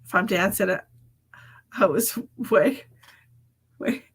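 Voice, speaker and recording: A woman's voice: medium pitch, a little slow, long pauses, slightly rough. Chatty woman doing live psychic readings. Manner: chatty, laughs often, drops into whispered asides. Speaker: psychic medium. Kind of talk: live-streamed psychic readings, casual chat.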